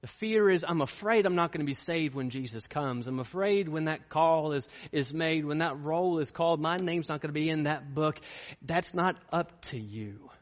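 A man with a fairly high voice preaches a sermon at a moderate pace, telling stories and then pressing his points with impassioned intensity that rises to fervent peaks. The sound is big-room, with the highs cut off.

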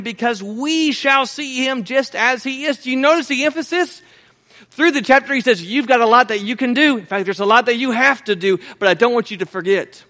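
A man preaching a sermon to his congregation, swinging from loud urgent pleading to hushed, low, slow passages. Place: church.

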